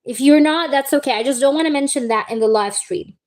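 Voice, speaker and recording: A woman reading tarot live for her viewers. Her voice sits a little high. She talks in a chatty, reassuring way and keeps checking in with "okay?" and pet names. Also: brisk. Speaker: tarot reader.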